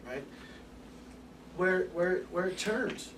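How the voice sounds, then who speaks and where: A man giving an open forum lecture to a live group, animated and casual, swearing now and then and acting out little scenes. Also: high voice, slow, reverberant. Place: room with an audience. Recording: distant mic with background hiss.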